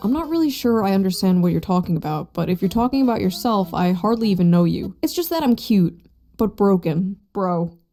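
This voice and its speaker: A woman's voice: medium pitch, lively intonation, a little fast, dark tone. A woman reading out text messages in a snarky voice-over, blunt and sarcastic in her commentary. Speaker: narrator reading texts aloud.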